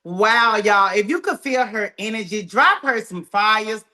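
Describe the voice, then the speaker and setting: A woman's voice: mid-range voice, measured pace, bright, forceful tone. A woman hosting a training call, enthusiastic and hyping up each speaker. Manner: enthusiastic, hypes up speakers, repeats "wow". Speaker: call host.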